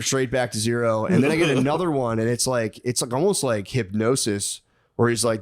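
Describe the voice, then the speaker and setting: Man, thirties, podcast co-host, rambling anecdote, laughing, middle pitch, dry close sound. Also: fast talker, dry recording. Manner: rambling, laughing, acts out his own thoughts. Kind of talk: casual storytelling chat.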